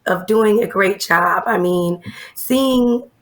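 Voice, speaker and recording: A woman's voice: mid-range voice, slow. A woman who is an early learning teacher, answering interview questions earnestly, with frequent fillers.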